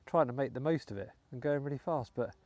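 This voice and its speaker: A British man talks his viewers through a dig in a rainy field, chatty and easygoing with little muttered asides. His voice is mellow and relaxed, and the sound is close and dry. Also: mid-range voice, fast, no room sound, dull audio. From United Kingdom. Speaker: metal detecting channel host. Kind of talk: casual vlog commentary while digging. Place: outdoors in a wet field.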